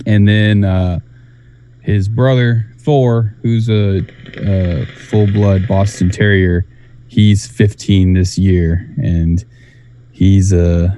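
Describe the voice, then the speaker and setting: A man's voice: low-pitched, warm tone. A man chatting casually as a guest, telling a story in a rambling way with fillers. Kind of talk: casual chat. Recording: faint background noise.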